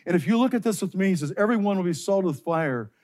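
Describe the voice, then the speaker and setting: A pastor preaching a sermon to his congregation, slowing down and stressing key phrases with passion. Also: sits high, animated, darkish tone.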